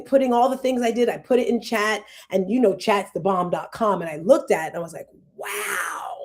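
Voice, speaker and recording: A woman's voice: mid-range voice, darkish tone. A woman in her fifties hosting a casual talk, rambling and emotional, sometimes close to tears. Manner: emotional, rambling, fast tangents. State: tearful. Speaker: host.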